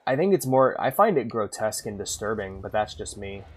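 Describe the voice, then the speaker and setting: A man streaming a game, rambling and swearing freely as he thinks out loud between moves. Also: lowish voice, big pitch swings, a little fast. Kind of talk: casual gameplay commentary.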